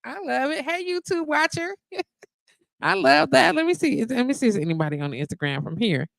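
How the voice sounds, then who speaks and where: Chatty woman live-stream host, gravelly voice, dry close sound, laughs a lot with viewers. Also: fairly high pitch, animated, moderate pace, no room sound. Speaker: host of a live online radio show. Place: her wellness practice.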